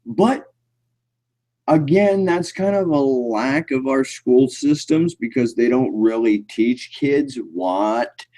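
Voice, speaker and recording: A man's voice: medium pitch, expressive, slow, dark tone. A man co-hosting a podcast, angry and indignant, swearing constantly. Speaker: podcast co-host. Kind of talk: casual profane chat.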